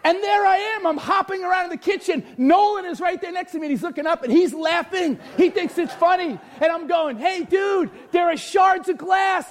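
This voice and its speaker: A man preaching a lively sermon in a church hall with bleachers. His voice sits very high, and he often breaks into shouts as he tells funny stories about himself. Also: fairly quick, few pauses. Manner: animated, often shouting, joking storyteller. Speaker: pastor.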